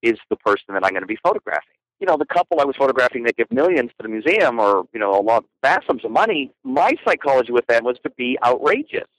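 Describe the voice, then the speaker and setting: Animated man telling photo stories. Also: medium pitch, fast, no room sound, poor audio. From Canada. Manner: animated, playful, frequent laughter. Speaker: guest photographer. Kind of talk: storytelling podcast interview.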